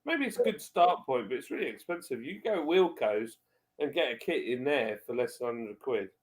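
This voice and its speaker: A man hosting a casual live-stream chat, talking in animated banter. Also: mid-range voice, moderate pace.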